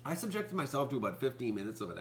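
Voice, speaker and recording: A man's voice: medium pitch, sing-song, very fast, noisy background. A man, hosting a casual vlog, rambling to his viewers with lots of fillers and restarts. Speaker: YouTube channel host.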